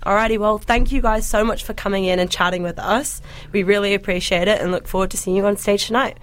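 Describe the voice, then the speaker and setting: A woman's voice: medium pitch, steady tone, fast talker. Giggly young New woman hosting. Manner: chatty, giggly, self-mocking. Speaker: student radio host. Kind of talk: casual chat interview.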